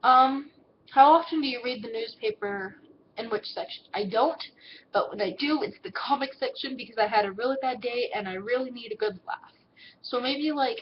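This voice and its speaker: A woman's voice: a little high, dull audio, slight background noise. A seventeen-year-old girl, answering viewer questions in a casual vlog, blunt and swearing freely, acting out what people say in little put-on voices. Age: teens.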